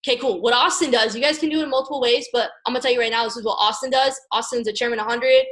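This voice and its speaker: An energetic young woman from Maryland coaches her team in a casual motivational talk. Her voice sits a little high, and she keeps checking in with her listeners and acts out phone calls. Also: very fast, rough recording. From Maryland, USA. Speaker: network marketing team leader.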